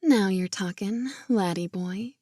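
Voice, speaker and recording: A woman voicing an adoring, quirky young woman in a romance audiobook, lifting her voice into a bright, teasing tone. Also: medium pitch, slow, no room sound, clean studio sound.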